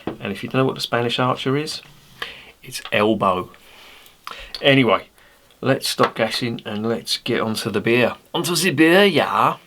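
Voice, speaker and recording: A man's voice: medium pitch, normal speed, long pauses, noisy background. A man, reviewing a beer in a chatty, rambling way with jokey asides. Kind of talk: casual beer review to camera.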